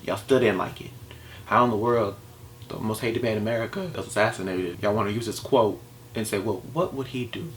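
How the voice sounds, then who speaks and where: A man's voice: fairly low pitch, steady tone, a little fast, a little hiss or hum. A man talking straight to camera in a vlog, passionate and exasperated, firing off rhetorical questions. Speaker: vlogger. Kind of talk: opinion vlog rant.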